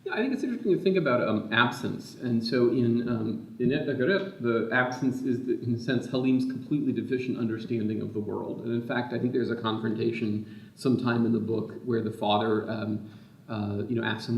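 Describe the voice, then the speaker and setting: A man's voice: mid-range voice, brisk, darkish tone. A man speaking as a literary scholar on a symposium panel, thinking aloud in a meandering way that keeps correcting itself. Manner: thoughtful, meandering, self-correcting. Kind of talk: academic discussion. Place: lecture room. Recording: distant, muffled, echoey room.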